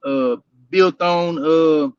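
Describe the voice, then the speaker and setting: A man with a drawl spinning easygoing stories, chuckling as he drifts from one memory to the next. His voice sits a little high for a man and sounds dull and lo-fi, with no room ring. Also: extremely slow, a little mellow, clear, resonant tone, dry recording. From Houston, Texas. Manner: laid-back storyteller, laughs often, trails off. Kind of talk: casual chat.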